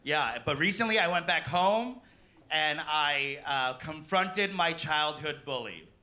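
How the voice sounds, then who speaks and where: On a club stage, a man in his thirties performs a stand-up set, animated and crude, often laughing mid-sentence. His voice is on the high side and he takes it slowly, with an audience laughing in the background.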